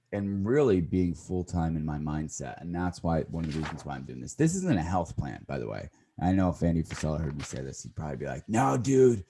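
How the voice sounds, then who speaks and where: A man in his thirties with a very low, husky voice chats casually on a podcast. His tone is mellow and dark. He rambles, backtracks and corrects himself as he talks. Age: 30s. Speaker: podcast co-host.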